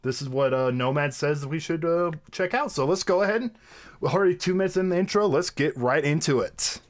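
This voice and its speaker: A man from the United States hosting a casual reaction video, talking in an animated way and laughing easily. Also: a little high, brisk. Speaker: host.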